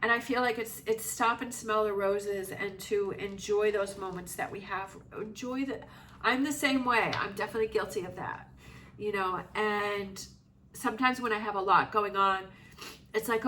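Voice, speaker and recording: A woman's voice: mid-range voice, normal speed, a bit bright. Woman doing a chatty tarot reading, rambly and reassuring, bit far from the mic, faint noise. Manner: reflective, reassuring, rambling with many fillers. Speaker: tarot reader. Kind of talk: casual tarot reading monologue.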